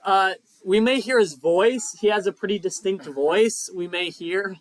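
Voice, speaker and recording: A man's voice: high voice, a little slow, no echo. A man hosting a podcast in casual chat, joking and laughing often. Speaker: podcast host.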